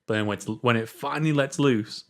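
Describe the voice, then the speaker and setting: A British man co-hosting a casual film review, talking in a measured, analytical way. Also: mid-range voice. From Britain.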